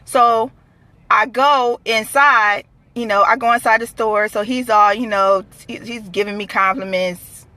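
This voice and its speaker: A woman telling a true story in a blunt, animated, profane way, full of fillers. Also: on the high side, measured pace, no room sound. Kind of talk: casual storytelling to camera.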